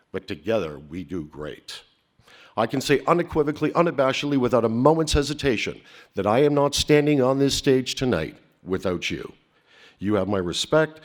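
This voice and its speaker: A middle-aged man from Canada giving a heartfelt, rhetorical acceptance speech from a podium on a banquet hall stage. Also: lowish voice. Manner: emotional, rhetorical, with dramatic pauses.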